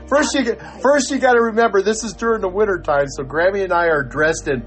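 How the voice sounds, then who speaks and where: An older man co-hosts a podcast and tells stories in a lively, casual way, acting out what each person said. His voice sits a little high for a man. Soft music plays faintly underneath. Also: a little fast. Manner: animated storyteller, acts out the dialogue. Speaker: podcast co-host. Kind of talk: casual storytelling chat.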